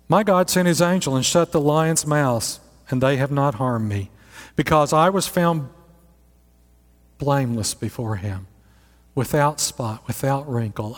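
A man in his sixties voicing a humble male prophet who answers quietly and solemnly, in an echoey hall. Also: mid-range voice, lightly acted. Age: 60s. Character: humble, calm male prophet replying softly.

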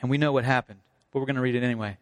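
A man's voice: medium pitch, fairly even intonation, rapid-fire. A male pastor delivering a sermon, reading scripture aloud and then expounding on it earnestly. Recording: long hall reverb.

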